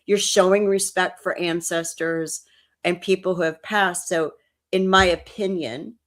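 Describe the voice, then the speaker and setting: A woman with a lowish voice co-hosts a paranormal talk show. She chats quickly and tells personal stories with feeling, often restarting her sentences. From New Orleans. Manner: chatty, quick, emotional storytelling with restarts. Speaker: co-host. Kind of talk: casual chat.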